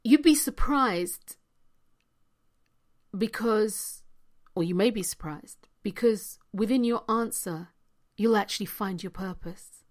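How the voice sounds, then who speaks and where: Woman, motivational monologue, fairly high voice, unhurried, emphatic repetition. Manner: emphatic, repeats key phrases, drops to near-whispers. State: hiccuping. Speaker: spiritual coach.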